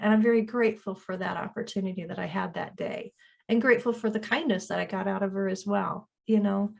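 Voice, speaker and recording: A woman co-hosting a casual chat, sharing a personal memory in a gentle, earnest way. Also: medium pitch, steady tone, fairly quick, creaky. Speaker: co-host.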